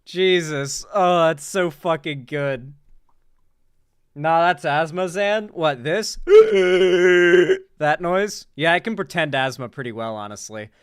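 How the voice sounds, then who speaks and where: Woman, streamer host, casual livestream commentary, profane, rambling jokes, smooth clear voice. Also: low-pitched, animated, a little slow, dry recording, studio quality.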